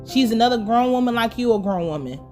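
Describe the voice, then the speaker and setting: A woman's voice: fairly high pitch, lively intonation, fast talker, mellow, soft background music. A woman giving a casual, blunt and profane recap of a TV episode. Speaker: TV recap vlogger.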